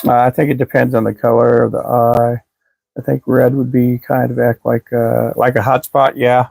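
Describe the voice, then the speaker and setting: A man's voice: mid-range voice, flat delivery, moderate pace, creaky, a little mellow, no echo. A man hosting a casual live stream, chatting with viewers in a rambling way and often restarting his sentences, and he says he is losing his voice. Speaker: live stream host selling fishing lures.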